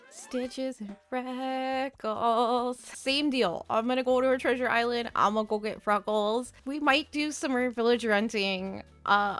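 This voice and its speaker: A woman's voice: medium pitch, fairly bright tone. A young woman giving chatty, giggly casual commentary while playing a life-sim game and reading its dialogue aloud. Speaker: gaming video creator.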